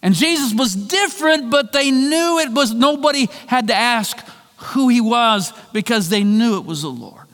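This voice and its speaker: Guy preaching, high voice, tells the story and does the voices, big hall echo. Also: a little slow. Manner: storytelling, acts out quoted voices, shifts from loud to hushed. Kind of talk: sermon. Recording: long hall reverb.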